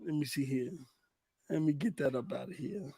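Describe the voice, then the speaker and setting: A man hosting a gaming livestream in a relaxed, profane, running commentary as he sets things up. His voice sits a bit higher than most men's. The sound is close and dry, with no room around it. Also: normal speed, creaky, husky, dry recording. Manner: loose, profane, talks while fiddling with clips. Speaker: livestream host. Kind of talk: casual livestream chat.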